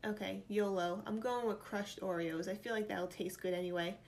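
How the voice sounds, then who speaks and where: A woman vlogs with a New York accent in a mid-range, darkish voice with fairly even intonation at normal speed. She's playful and chatty, reading quiz answers aloud and musing, over slight background noise.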